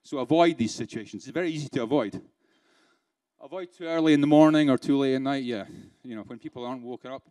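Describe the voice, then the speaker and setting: At a live conference keynote in a conference room, a British man chats with the audience, tossing out rhetorical questions and dry sarcasm. He talks fast, with a medium-pitched, dark voice and no echo.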